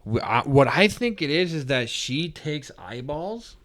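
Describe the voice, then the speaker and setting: A young man co-hosting a podcast, excitedly recapping a horror episode, swearing and acting out reactions. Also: fairly high pitch, unhurried, no room sound, studio quality. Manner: animated, swears a lot, acts out reactions. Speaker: podcast co-host. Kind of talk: casual spoiler review chat.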